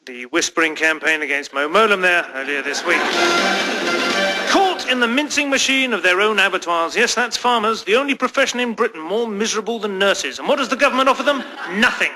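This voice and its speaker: An actor playing a pompous, sardonic newsreader in a radio news spoof. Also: male voice, high-pitched, expressive, brisk, sharp tone, soft background music, heavily acted. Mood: smug. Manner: pompous, sardonic, self-satisfied delivery. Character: pompous, inattentive male news anchor Richard Richard.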